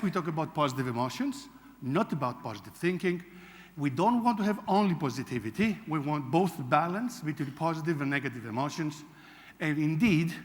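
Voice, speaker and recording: A man from Greece, a psychology lecturer giving an animated conference talk and acting out quotes. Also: a little high. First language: Greek. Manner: animated storytelling, acts out quotes. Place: large conference hall. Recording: reverberant hall.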